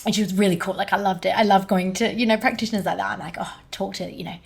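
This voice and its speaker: A woman talking as a guest on a conversational podcast. She tells stories with animated energy and many casual fillers. Her pitch sits mid-range for a woman. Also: rapid-fire, gravelly, breathy edge.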